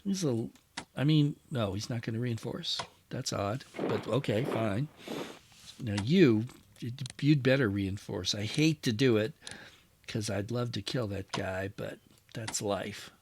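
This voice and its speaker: A man's voice: lowish voice, unhurried, background noise. A man hosting a strategy game play-through, musing aloud and talking to his units as he moves them. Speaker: wargame channel host.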